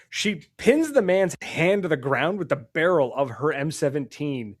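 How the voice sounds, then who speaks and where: This podcast host has a mid-range voice and keeps a moderate pace with few pauses. His casual stories are lively, full of laughter and impressions of the people in them.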